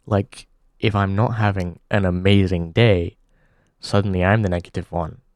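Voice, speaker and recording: A man hosting a comedy show, delivering a halting deadpan monologue full of pauses. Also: sits low, no room sound.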